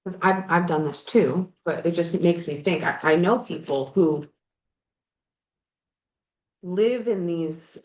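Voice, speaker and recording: Low-pitched woman, frank coaching chat, casual swearing, roomy garage echo. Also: slow pace, long pauses. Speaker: life coach and podcast host. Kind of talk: candid motivational chat. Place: garage, working on projects.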